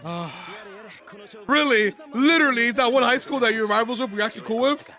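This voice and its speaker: A young man hosting an anime reaction, talking in an excitable, casual way, swearing a lot and laughing often. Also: extremely high pitch, brisk.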